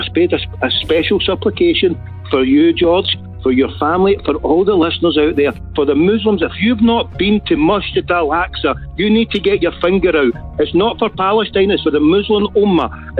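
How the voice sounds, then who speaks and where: A man from Glasgow with a Scottish accent, calling in to a talk show and speaking fervently, like a preacher making urgent appeals. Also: sits high. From Glasgow, Scotland. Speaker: caller. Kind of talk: phoned-in call to a talk show. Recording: tinny phone line.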